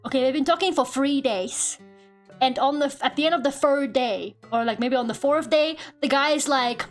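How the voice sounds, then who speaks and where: A young woman with a high, bright voice, telling a story on a livestream in an animated, exasperated way. She laughs often, swears casually and leans on fillers. Faint guitar music plays behind her. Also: normal speed. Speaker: streamer. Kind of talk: casual chat.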